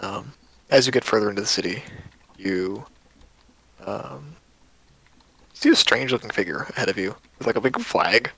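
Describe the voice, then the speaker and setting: A man narrating as game master in a tabletop game, with a relaxed, casual manner and frequent ums. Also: lowish voice, moderate pace, creaky, pauses often, breathy edge, dry recording, poor audio.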